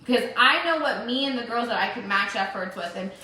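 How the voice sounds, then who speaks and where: A woman's voice: fairly high pitch, expressive, brisk, sharp tone, slight background noise. A young woman giving an emphatic motivational talk in her own vlog, repeating phrases for stress. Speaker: entrepreneur vlogger. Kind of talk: motivational self-recorded vlog. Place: home room with dogs. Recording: very echoey room.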